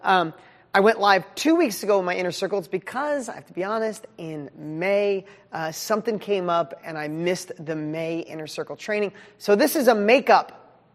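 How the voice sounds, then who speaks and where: A man in his fifties giving a live motivational training as a business coach, talking in a casual, animated way. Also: sits high, moderate pace, big-room sound. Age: 50s. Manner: energetic, animated, casual with frequent "like".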